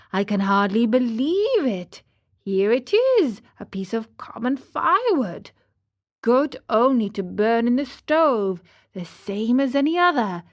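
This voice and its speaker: A woman voicing an old male carpenter who talks slowly and fearfully. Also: medium pitch. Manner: stuttering, slow and fearful.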